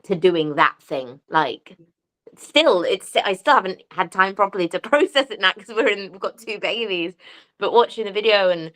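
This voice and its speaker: A woman shares her story with lively excitement. She laughs often and talks in a plain, mid-height voice. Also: mid-range voice, moderate pace. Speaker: guest. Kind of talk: casual conversation.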